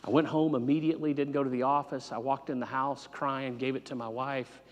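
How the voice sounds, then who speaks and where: Male pastor, fifties, sermon storytelling, loud bursts and hushed asides, big hall reverb. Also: fairly quick. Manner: storytelling, swings from loud animated bursts to quiet low asides. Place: church sanctuary.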